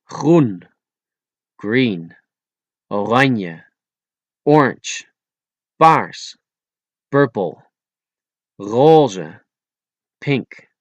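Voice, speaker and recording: A man narrating a language-lesson audiobook in a slow, deliberate way, spelling words out letter by letter. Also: medium pitch, a bit bright, no room sound.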